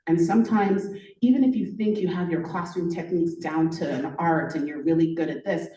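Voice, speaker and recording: Brief: teacher on a panel, woman, lower pitch, warm tone, chatty storytelling, echoey room mic'd from afar. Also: fairly quick, recorded from a distance. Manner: animated storytelling, frequent "like" and "you know". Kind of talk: conversational panel talk. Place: event room.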